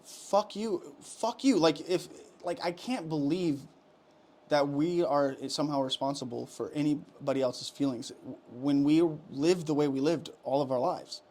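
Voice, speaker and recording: A man's voice: on the high side, steady tone, normal speed, warm tone. A man in his thirties ranting heatedly on a podcast, profane and rambling, with many restarts. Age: 30s. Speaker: podcast co-host. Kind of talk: casual ranting chat.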